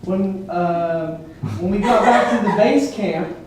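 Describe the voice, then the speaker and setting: A young man telling a personal story on stage in a casual, rambling way, laughing often and filling pauses. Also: sits high, a little mellow, a little hiss or hum. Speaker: improv show guest storyteller. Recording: echoey stage from far off.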